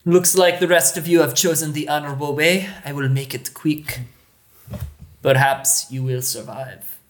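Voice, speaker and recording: A man's voice: on the high side, fairly even intonation, lightly acted. Man doing a menacing gray tribal chief. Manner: formal, slow and threatening. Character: large gray male tribal leader, cold and menacing. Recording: echoey room.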